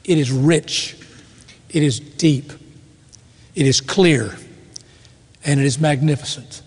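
A man preaching a sermon with emphatic, slow dramatic pauses. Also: on the high side, a little mellow, slightly rough. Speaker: pastor. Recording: reverberant hall.

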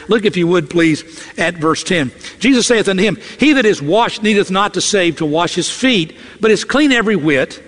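High-voiced preacher in an echoing hall. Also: male voice, normal speed, a bit bright. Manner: emphatic, acts out quoted lines in character. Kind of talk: expository sermon.

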